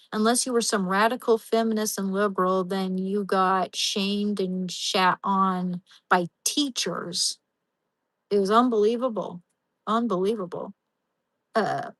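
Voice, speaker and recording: A woman's voice: mid-range voice, no echo, poor audio. Chatty woman streamer, dry sound. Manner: talks to chat viewers by name, rambling with many restarts. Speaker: livestream host. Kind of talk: casual livestream chat.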